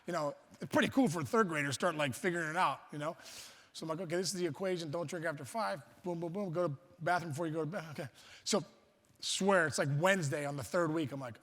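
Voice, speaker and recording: A man giving a funny storytelling speech at a luncheon, animated and acting out voices with sudden loud outbursts. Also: fairly high pitch, fast talker. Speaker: luncheon speaker. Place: banquet hall. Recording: reverberant hall.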